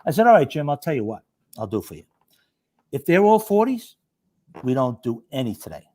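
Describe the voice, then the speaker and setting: A man's voice: mid-range voice, a little fast. A middle-aged man, a retired fire lieutenant telling stories as a podcast guest and acting out the people in them. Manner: animated, acts out the voices of the people in his stories. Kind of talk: casual storytelling.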